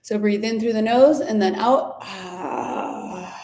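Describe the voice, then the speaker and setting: Gentle woman guiding a body practice. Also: on the high side, steady tone. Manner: gentle and unhurried, with fillers and restarts. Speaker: somatic practice instructor. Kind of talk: guided body practice instruction.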